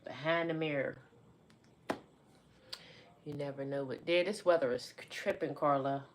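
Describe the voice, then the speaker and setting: Woman, low voice, slow easy pace, casual livestream chat, faint room hum. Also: fairly even intonation. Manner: laid-back, chatty, laughs often, talks to viewers. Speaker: livestream host. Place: indoors at home by a window.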